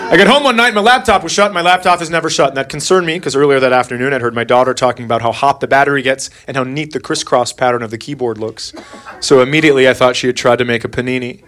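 A middle-aged man telling a stand-up comedy story in a deadpan way, acting out his son's lines. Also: mid-range voice, quick pace, background noise.

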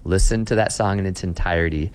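A man's voice: low-pitched, fast talker, slight background noise. A man being interviewed as a Christian author, speaking earnestly and emphatically about faith. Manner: earnest, emphatic, paraphrasing scripture. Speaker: author and guest.

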